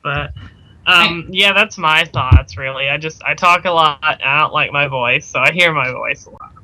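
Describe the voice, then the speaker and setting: A man's voice: fairly high pitch, normal speed, sharp tone, slight background noise, poor audio. A young man co-hosting a podcast in casual chat, self-deprecating as he reads out listener questions. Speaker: podcast co-host and editor.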